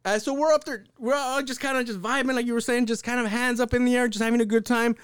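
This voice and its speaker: High-voiced man telling a wild story. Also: fast, clear, resonant tone, dry recording, studio quality. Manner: animated, profane, lots of fillers. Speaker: podcast host. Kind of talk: casual storytelling chat.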